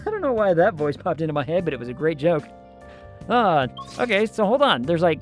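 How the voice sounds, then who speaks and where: A man's voice: on the high side, wildly swooping pitch, normal speed, faint music behind. A man streaming a video game, chatting casually in a playful, jokey way. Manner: playful and jokey, slips into silly voices. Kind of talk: casual gameplay commentary.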